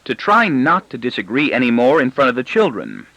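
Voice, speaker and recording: A man voicing a prim, disapproving middle-aged wife in an audiobook, speaking slowly with exaggerated politeness. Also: medium pitch, big pitch swings, gravelly, sharp tone, dry recording, highs cut off, pitched above the performer's own voice, exaggerated voice. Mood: primly disapproving.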